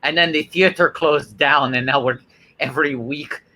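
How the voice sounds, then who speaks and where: A man's voice: on the high side, steady tone, normal speed, sharp tone. A man co-hosting a casual chat, playful and joking, directing the others.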